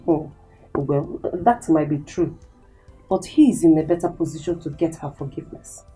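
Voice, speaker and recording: An actress with a Nigerian accent playing a calm, reassuring mother. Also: sits low, moderate pace, husky, faint music behind, low-quality recording. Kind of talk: Nollywood film acting.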